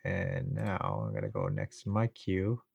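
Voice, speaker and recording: A man's voice: low voice, very animated, unhurried, vocal fry, breathy edge, no room sound, dull audio. A man co-hosting a casual sports podcast, easygoing and thinking aloud as he makes picks. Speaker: podcast co-host.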